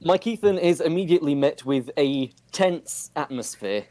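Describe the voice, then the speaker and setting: A man co-hosting a casual podcast, recapping a show and reading out its dialogue haltingly with many fillers. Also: fairly high pitch. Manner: halting, lots of "uh", reads quotes flatly.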